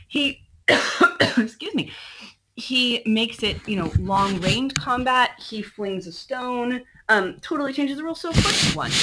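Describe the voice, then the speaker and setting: A woman's voice: medium pitch, fairly bright tone, breathy edge, low-quality recording. A woman teacher recording a slideshow lecture for her students, chatty and full of ums, talking straight to the class. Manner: chatty, frequent ums, addresses students directly. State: coughing, throat a bit choked. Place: at a computer, screen recording.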